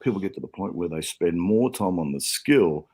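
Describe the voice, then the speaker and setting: A man with a very deep voice talks as a guest on a podcast. He explains his views in a reflective, thoughtful way. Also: lively intonation, normal speed, warm tone. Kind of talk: casual chat.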